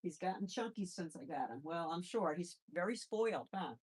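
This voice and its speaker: A woman's voice: on the low side, animated, normal speed, a little mellow, husky. A woman hosting a casual live chat, handling her pets and cooing to them in baby talk between replies to viewers. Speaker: live-stream host and rabbit foster carer.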